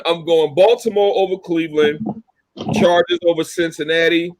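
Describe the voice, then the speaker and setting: A man's voice: a little high, unhurried, no echo, low-quality recording. A man co-hosting a casual sports podcast, steadily listing his picks with dry jabs. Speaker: podcast co-host.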